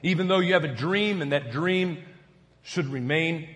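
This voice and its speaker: A middle-aged man preaching a sermon, telling stories and swinging from soft, quiet passages to loud, emphatic peaks. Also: a little high, a little slow, in a large hall. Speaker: pastor.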